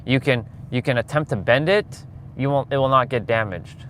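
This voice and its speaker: A man's voice: medium pitch, normal speed, fairly bright tone. Chatty man driving, road noise. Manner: rambling, chatty, talks to viewers. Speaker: vlogger. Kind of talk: casual live-stream chat while driving. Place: in a car on city streets.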